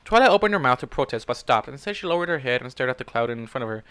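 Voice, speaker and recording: A man's voice: medium pitch, expressive, rapid-fire, a bit bright, clean tone, no echo. A man reading fan fiction aloud in a casual way, stopping to react and swear at the story. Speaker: fanfic reader.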